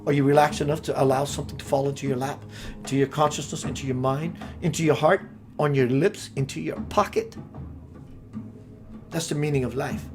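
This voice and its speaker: A man with a slightly high voice gives a meandering spiritual talk. He muses aloud and sometimes gropes for the right word. Faint music plays underneath. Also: fairly even intonation, fairly quick. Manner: meandering, musing, searching for words. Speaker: spiritual teacher.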